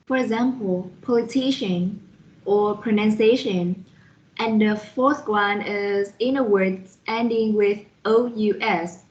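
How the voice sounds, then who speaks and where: A woman presenting a lesson on pronunciation, reading out spellings and examples slowly and carefully, one letter at a time. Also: medium pitch, a little mellow, highs cut off. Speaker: student presenter reviewing a phonetics lesson. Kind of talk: slide-by-slide explanatory lesson.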